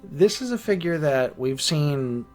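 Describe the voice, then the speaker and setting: A man's voice: fairly high pitch, lively intonation, measured pace, faint music behind. Easygoing male podcast co-host. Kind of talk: casual chat.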